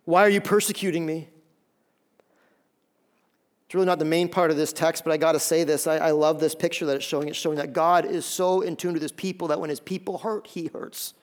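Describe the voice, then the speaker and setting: A man's voice: on the high side, fairly even intonation, fast, few pauses. A man preaching a sermon as pastor, emphatic, often repeating a word as he starts a phrase.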